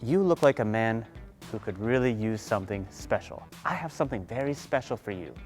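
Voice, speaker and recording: A woman voicing a kindly old man who offers a trade in a lowered, quiet, coaxing voice. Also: expressive, fairly quick, faint music behind.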